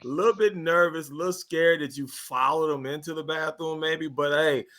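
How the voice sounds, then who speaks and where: A man's voice: a little high, steady tone, moderate pace, a crowd in the background. A man with a Missouri accent hosting a casual sports talk show, joking and teasing his co-hosts.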